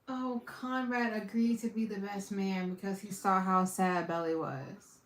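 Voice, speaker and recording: A woman hosting a watch party, giving casual reaction commentary and repeating phrases between loud outbursts and quiet asides. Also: mid-range voice, fairly even intonation, measured pace. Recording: echoey room, far from the mic.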